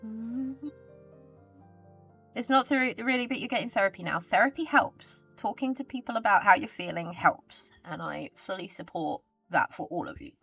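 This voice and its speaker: A woman's voice: medium pitch, expressive, normal speed, vocal fry, a bit bright, slightly rough, lo-fi sound, soft background music. A woman live streamer chatting casually with her viewers. She greets them and reads their messages aloud, talking into a desk mic with a pop filter.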